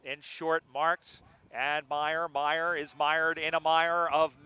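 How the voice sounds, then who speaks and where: A man calling an amateur football game live, joking between plays and getting excited on big moments. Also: on the high side, slow, clean tone. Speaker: play-by-play commentator. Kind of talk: live sports commentary.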